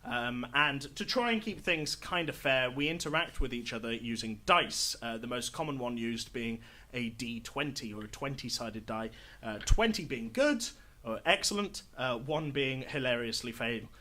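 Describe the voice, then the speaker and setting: A man's voice: medium pitch, animated, normal speed, bright, forceful tone. A man hosting a live tabletop role-playing show as game master, chatty and upbeat with many fillers. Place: live stage show before an audience.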